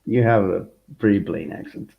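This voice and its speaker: A man whose first language is not English, co-hosting a podcast in casual chat, relaxed and quick to laugh. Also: lowish voice, vocal fry. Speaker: podcast co-host. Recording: dull lo-fi sound.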